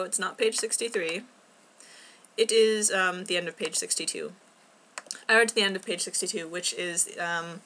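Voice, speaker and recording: Young woman vlogging from home, bright clear voice, kinda rambly and scattered, lots of ums. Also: medium pitch, slight background noise. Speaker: book club vlogger. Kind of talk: casual video blog chat.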